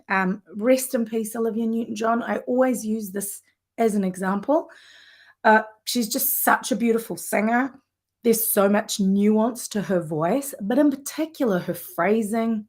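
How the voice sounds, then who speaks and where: Woman vocal coach, voice a bit high, enthusiastic and conversational, teaching live. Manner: warm, enthusiastic and conversational, with asides.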